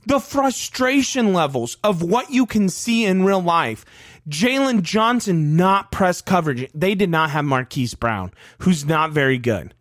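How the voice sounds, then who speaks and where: Podcast co-host, male, lively swinging pitch, dry close sound, heated profane ranting. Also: measured pace, no room sound. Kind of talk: casual sports podcast chat.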